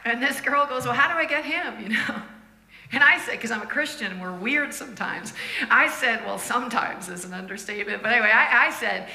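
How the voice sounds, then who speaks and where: A woman preaching a sermon as a lively storyteller, laughing often and acting out the voices of people in her stories. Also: on the high side, fairly quick, gravelly, roomy sound.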